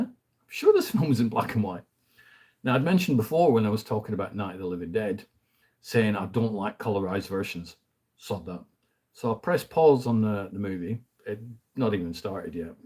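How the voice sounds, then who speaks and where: A man with a low, husky voice talks casually and at length about films. He rambles from one thought to the next with clear enthusiasm, often letting his sentences trail away into quiet asides. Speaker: host, film reviewer. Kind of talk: casual chat.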